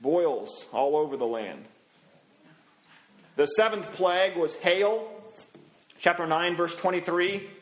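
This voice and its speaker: A man's voice: a little high, takes it slowly, long pauses, roomy sound, poor audio. A middle-aged male preacher giving a sermon in a folksy, anecdotal way, with many fillers and asides.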